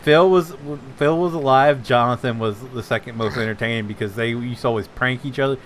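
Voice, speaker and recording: A man's voice: mid-range voice, brisk, slight background noise. A man hosting a gaming channel, chatting casually with a friend and laughing often as he retells TV scenes. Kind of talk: casual chat while gaming.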